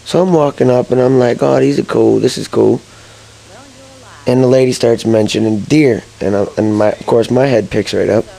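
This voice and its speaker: Young American guy, mellow gravelly voice, loose and rambling, chuckles through his anecdote. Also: medium pitch, normal speed, rough recording. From Massachusetts, USA. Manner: rambling, lots of fillers and chuckles, excitable. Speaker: gaming channel storyteller. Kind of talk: casual rambling storytelling.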